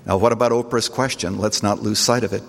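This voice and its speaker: A man preaching a sermon as pastor, speaking earnestly and letting his voice swell on key phrases, then drop low and soft. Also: fairly even intonation, fast, long reverb tail.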